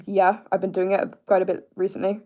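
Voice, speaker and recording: A man's voice: monotone, darkish tone, highs cut off. Hesitant young British streamer guy. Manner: hesitant, filler-heavy, deliberately lowering his pitch. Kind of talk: casual live-stream chat answering viewers.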